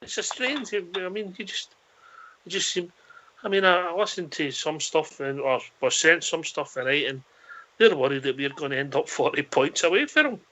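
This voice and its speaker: A man's voice: on the high side, expressive, normal speed, sharp tone. A man hosting a fan call-in show, bantering and joking with callers. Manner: friendly banter, jokey. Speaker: host. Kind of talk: casual radio call-in hosting.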